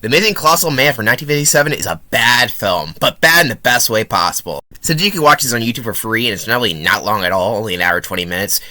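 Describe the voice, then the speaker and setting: A young man riffs through a movie review with sarcasm and plenty of swearing. His voice is very bright and sharp, and it jumps around a lot in pitch. The recording is dry and close. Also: no room sound. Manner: profane, sarcastic and animated. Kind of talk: casual film review commentary.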